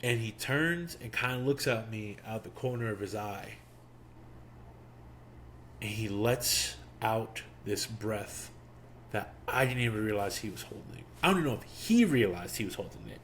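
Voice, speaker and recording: A young man hosting a podcast, telling a personal story in a casual, animated way and acting out the quotes. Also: fairly low pitch, a little slow, a little hiss or hum. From Miami. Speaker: podcast host.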